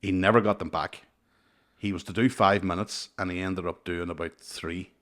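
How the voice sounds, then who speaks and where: Deep-voiced man telling stories. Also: normal speed. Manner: swears freely, animated anecdotes. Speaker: comedian podcast host. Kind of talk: casual storytelling chat.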